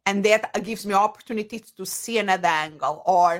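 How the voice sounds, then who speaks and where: A woman, an English speaker, talking as an interview guest and often pausing to search for words. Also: medium pitch. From Portugal. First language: Portuguese. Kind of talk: conversational interview.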